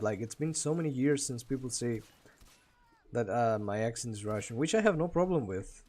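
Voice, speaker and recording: A man's voice: mid-range voice, lively intonation, moderate pace, darkish tone. Chatty Greek man streaming. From Greece. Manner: chatty, laughs often, answers chat. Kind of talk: casual live-stream chat while gaming.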